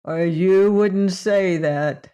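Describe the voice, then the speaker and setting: A woman's voice: lowish voice, extremely slow, warm tone, lo-fi sound. A woman voicing a boastful but harmless male beast in an audiobook, proud and easily offended. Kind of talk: audiobook character voice.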